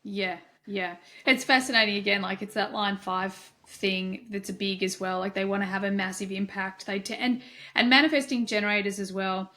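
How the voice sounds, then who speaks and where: A woman's voice: medium pitch, steady tone, moderate pace, sharp tone. A woman hosting a podcast, affirming her guest and asking eager follow-up questions. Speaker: podcast host. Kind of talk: casual interview.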